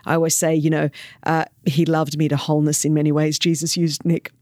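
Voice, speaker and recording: A woman's voice: deep voice, level tone, fairly quick, a little mellow, no echo, clean studio sound. A woman in her forties with an Australian accent, talking energetically and emphatically as a guest on a podcast, laughing often. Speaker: guest speaker. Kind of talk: casual podcast interview.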